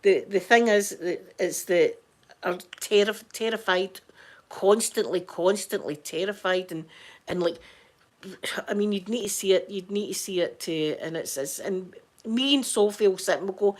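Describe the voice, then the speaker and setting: A middle-aged Scottish woman, hoarse from crying, chatting casually to her viewers in a halting way, repeating words and restarting sentences. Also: mid-range voice. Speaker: vlogger talking to viewers. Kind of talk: casual chat.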